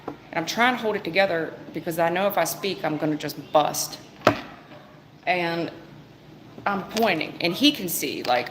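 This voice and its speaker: A woman's voice: on the low side, animated, normal speed, pauses often, very noisy. A woman giving a live-stream tarot reading, talking in a rambling, conversational way with fillers and restarts. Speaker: tarot reader.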